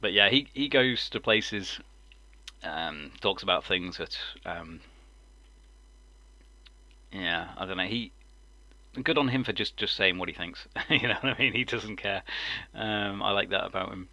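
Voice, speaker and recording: A man's voice: sits low, a little slow, long pauses, sharp tone, no echo. A man in his forties from Lincolnshire with a mixed, slightly southern English accent, chatting casually on a live stream, rambling with lots of ums and frequent chuckles. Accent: mixed English, mildly southern-sounding. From Lincolnshire, England.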